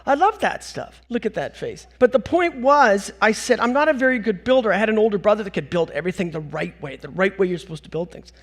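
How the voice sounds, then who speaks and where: Animated high-voiced man telling stories. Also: quick pace, few pauses. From Canada. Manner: animated, acts out quotes with big jumps in pitch. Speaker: conference speaker. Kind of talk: storytelling talk on stage.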